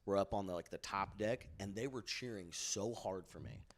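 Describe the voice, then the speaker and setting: A man's voice: lowish voice, moderate pace, slight background noise. A male stand-up comedian telling rambling stories in casual podcast chat, full of "like" and "uh". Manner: rambling storyteller, lots of "like" and "uh". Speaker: guest comedian.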